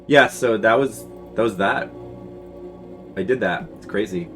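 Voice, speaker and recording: A man's voice: lowish voice, measured pace. A man in his forties chatting casually with his viewers while he draws, rambling through old memories with lots of restarts. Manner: rambling, reminiscing, answering chat with many restarts. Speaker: webcomic artist streaming for patrons. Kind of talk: casual chat while drawing on stream. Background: faint background music.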